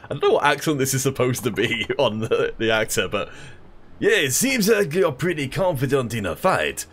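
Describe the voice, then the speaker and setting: A man's voice: medium pitch, big pitch swings, moderate pace, a bit bright. A man hosting a let's play, giving casual gameplay commentary with wry, joking asides.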